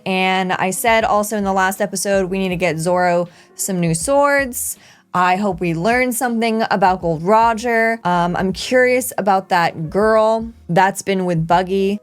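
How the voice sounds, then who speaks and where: Bubbly woman chatting to her viewers. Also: medium pitch. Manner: bubbly and chatty, trailing into asides. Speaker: anime reaction YouTuber. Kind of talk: casual chat to camera.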